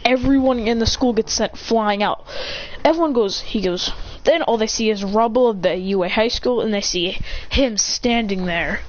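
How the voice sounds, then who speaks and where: A woman excitedly retelling an imagined anime battle, rambling and breathless, with shouted sound effects. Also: on the high side, normal speed, hardly any pauses. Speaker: storyteller. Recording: dull lo-fi sound with faint hiss.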